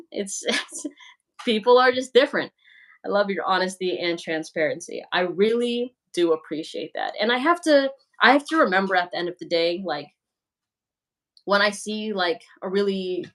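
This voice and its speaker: A young woman hosting a fragrance livestream, chatting candidly with viewers, reading comments and acting out quoted voices. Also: on the low side. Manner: candid, talkative, quick asides and animated quoted voices. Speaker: fragrance channel host on a livestream.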